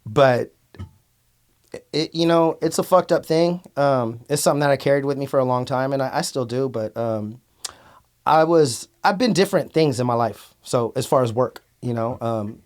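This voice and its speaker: Bay Area man, podcast guest, blunt storyteller who swears a lot and fills pauses with "um". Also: medium pitch, a little mellow. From Antioch, California. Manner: outspoken, blunt, swears freely, many fillers. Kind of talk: casual storytelling interview.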